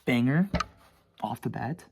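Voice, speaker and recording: Teen dude at home flipping thru his old sketchbooks, kinda gravelly voice, cusses and roasts himself. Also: mid-range voice, lively intonation, slow pace, darkish tone, a little hiss or hum. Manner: rambling, swearing, self-mocking. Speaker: vlogger showing his sketchbooks. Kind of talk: casual chat.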